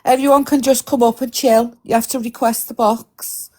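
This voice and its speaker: A woman hosting a casual live stream, teasing her co-host and firing off playful questions. Her voice sits fairly high, and her manner is loose and joking. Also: steady tone, normal speed, warm tone.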